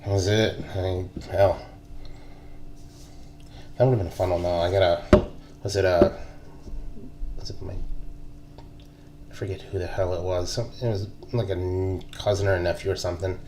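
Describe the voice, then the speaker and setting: A man in his thirties with a very low voice spins loose, swear-laden stories from his army days. He talks in an easygoing, laughing way, with a faint hum running under the recording. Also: fairly even intonation, moderate pace, long pauses. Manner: laid-back, profane, laughs through stories. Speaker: podcast co-host, army veteran. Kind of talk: casual chat, storytelling.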